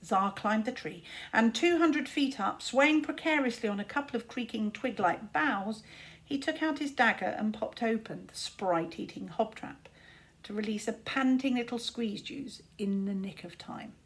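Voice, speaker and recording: Brief: woman teacher, children's book read-aloud, lively storyteller, slightly high voice. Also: moderate pace. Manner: expressive storytelling.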